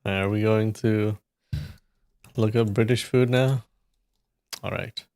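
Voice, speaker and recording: A man's voice: lowish voice, fairly even intonation, slow pace, darkish tone, no room sound, clean studio sound. A man hosting a live stream, chatting casually and with amusement while he tastes snacks. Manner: musing, amused, trailing asides.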